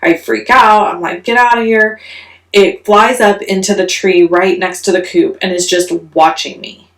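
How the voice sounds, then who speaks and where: A woman vlogger telling a story in a casual, animated, self-mocking way. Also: lowish voice, moderate pace, roomy sound, distant mic. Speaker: crafting vlogger.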